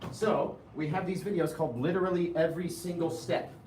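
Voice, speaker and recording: A man hosting a live painting tutorial, chatty, laughing easily and often checking in with a quick "right?". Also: on the high side, steady tone, darkish tone, roomy sound, a little hiss or hum. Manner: chatty, keeps asking "right?"; laughs easily while talking. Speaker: painting instructor.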